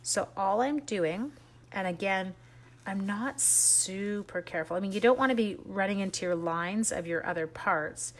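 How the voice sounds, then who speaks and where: A woman's voice: mid-range voice, normal speed. A woman from Canada chatting her way through a card-making tutorial, talking as she works and poking fun at her own mistakes. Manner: chatty, self-deprecating, talks while working with her hands. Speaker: stamping and card-making demonstrator. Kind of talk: casual crafting tutorial.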